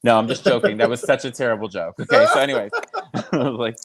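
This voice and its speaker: A man's voice: medium pitch, huge pitch swings, creaky, a bit bright. A man hosting a podcast, chatting casually and cracking jokes about reality TV. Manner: chatty, jokey, quick asides. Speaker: podcast host. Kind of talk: casual chat.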